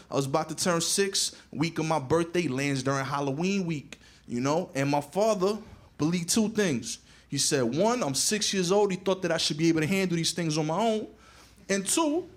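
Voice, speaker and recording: Profane New stand-up storyteller. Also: male voice, high voice. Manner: animated, profane, punchy delivery. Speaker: stand-up comedian.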